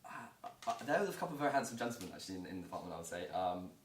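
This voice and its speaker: A young man hosts a student talk show with quick, bouncing delivery and a teasing, playful manner. He sits away from the mic in a roomy space with noise behind. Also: low voice, sing-song. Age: young adult. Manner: playful, teasing, laughs often. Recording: roomy sound from a distant mic with background noise.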